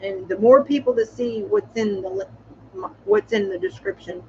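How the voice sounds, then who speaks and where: A woman's voice: fairly high pitch, sing-song, normal speed, vocal fry, darkish tone, a little hiss or hum. A woman with a cold casually chatting on a livestream from home, meandering with lots of fillers and restarts. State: has a cold. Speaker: livestream host. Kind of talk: casual rambling livestream chat. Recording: slightly dull lo-fi audio.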